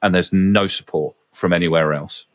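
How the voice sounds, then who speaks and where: A man's voice: deep voice, fairly even intonation, normal speed, muffled recording. A man hosting a podcast, talking frankly in a casual chatty way with plenty of fillers and the odd swear word. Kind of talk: casual conversational anecdotes.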